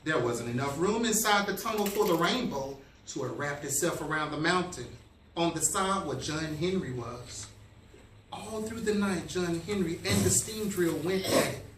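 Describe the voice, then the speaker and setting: Guy teacher doing storytime for his class, silly and lively, quizzing the kids, recorded from across an echoey classroom with a noisy hiss. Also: a little high, normal speed. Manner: animated, playful, stops to quiz the listeners. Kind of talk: reading a storybook aloud to a class. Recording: echoey classroom from far off, with noise.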